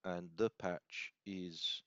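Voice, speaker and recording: A deep-voiced man talks through a software demo off the cuff, thinking aloud and stumbling over his own corrections. The sound is dry and close, a little dull and lo-fi, like a desk mic in a small room. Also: steady tone, extremely slow, smooth, no echo. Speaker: hobbyist demonstrating software. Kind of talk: casual screen-recorded demo.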